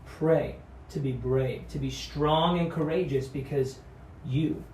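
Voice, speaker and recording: A man's voice: on the high side, steady tone, slow, darkish tone, slight background noise. A man giving an earnest devotional sermon that urges courage and repeats key phrases, recorded off-mic in a room. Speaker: pastor. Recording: echoey room, mic at a distance.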